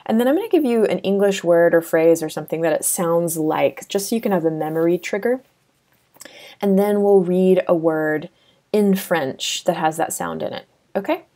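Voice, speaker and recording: A woman's voice: lowish voice, moderate pace, warm tone. A woman teaching a French lesson over a screen recording, chatty with many fillers and restarts.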